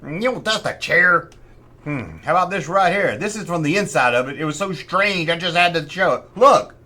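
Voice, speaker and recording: Sarcastic, animated middle-aged man. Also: on the high side, normal speed. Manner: sarcastic, rambling, mock-outraged asides. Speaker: host. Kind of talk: casual collector's show-and-tell.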